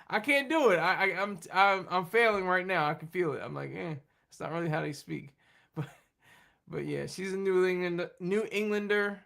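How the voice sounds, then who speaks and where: A man's voice: high-pitched, a little slow, creaky, sharp tone. A man hosting a live stream from his computer at home, chatting in a loose, rambling way with frequent laughs and restarts. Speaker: livestream host.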